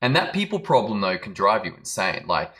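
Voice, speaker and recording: A man's voice: lowish voice, big pitch swings, a little fast, fairly bright tone. A man giving a motivational business talk, telling a dramatic story and acting out quoted lines. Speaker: business coach.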